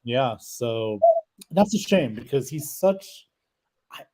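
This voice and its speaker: Male podcast host, casual chatter, mellow dark tone, lots of hesitant restarts. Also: mid-range voice, animated, slow pace. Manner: rambling, hesitant, trailing off often. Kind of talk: casual wrestling chat.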